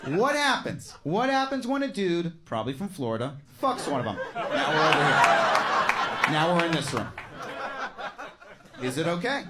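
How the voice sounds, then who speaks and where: A man doing a stand-up set, mocking and animated as he acts out voices. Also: a little high, a little slow, pauses often, very noisy. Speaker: stand-up comedian. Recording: loud club crowd.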